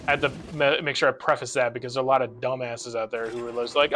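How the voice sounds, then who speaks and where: A man's voice: mid-range voice, fairly even intonation, rapid-fire, few pauses, pushed and bright, slight background noise. A young man rambling and ranting with frequent swearing while chatting on a casual gaming stream, with game music behind him.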